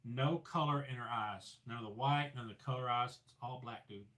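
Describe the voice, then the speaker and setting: A man's voice: medium pitch, a little fast. A man telling a ghost story in casual chat, swearing freely and acting out the voices in it. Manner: animated storyteller, acts out voices, swears a lot. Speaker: podcast guest, paranormal investigator. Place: vehicle, talking into phone setup.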